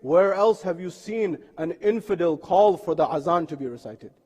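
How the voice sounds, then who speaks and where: High-voiced man preaching in a reverberant mosque. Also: animated, moderate pace, breathy edge. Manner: impassioned, swells loud on chanted verses, drops low and quiet on laments. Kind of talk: sermon with recited Urdu poetry. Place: mosque hall. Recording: live stream with long hall reverb.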